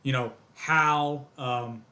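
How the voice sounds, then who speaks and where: A man co-hosting a podcast, talking in a relaxed, chatty way. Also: mid-range voice, drawn-out words. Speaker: podcast co-host. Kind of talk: casual podcast chat.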